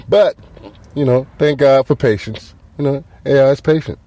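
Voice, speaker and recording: A man hosting a podcast, delivering a profane comedic monologue, acting out quotes and laughing at his own jokes. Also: mid-range voice. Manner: animated, swings loud and soft, acts out quotes. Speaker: podcast host.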